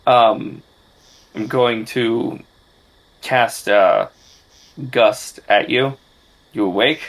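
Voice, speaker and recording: A man playing a tabletop game, talking in a hesitant, unhurried way. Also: mid-range voice, fairly even intonation, poor audio. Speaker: player. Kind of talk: casual tabletop game chat.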